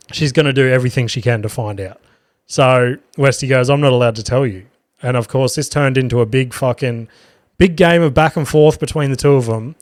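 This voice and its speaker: A man's voice: mid-range voice, dry recording, clean studio sound. A man with an Australian accent hosting a podcast, telling a casual anecdote and swearing as he quotes people. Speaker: podcast host. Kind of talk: casual storytelling. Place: podcast studio.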